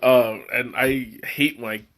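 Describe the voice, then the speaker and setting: On a webcam-recorded live stream, a man sips tea and chats casually, rambling and chuckling as his sentences often trail away. He has a medium-pitched, fairly bright voice with a steady tone and an unhurried pace.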